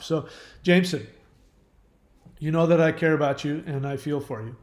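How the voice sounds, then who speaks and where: A man's voice: mid-range voice, unhurried, long pauses, reverberant. A man hosting a casual livestream, answering viewer questions earnestly with fillers and restarts.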